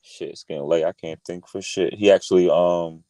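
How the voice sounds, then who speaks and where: A man hosting a casual panel chat, animated, laughing often and swearing freely. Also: deep voice, moderate pace, no room sound.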